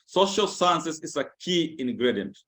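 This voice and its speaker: A man's voice: fairly high pitch, big pitch swings, measured pace, a bit bright. A man giving a virtual training presentation. He talks earnestly over a video call, explaining points and repeating words as he searches for them. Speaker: government agency presenter.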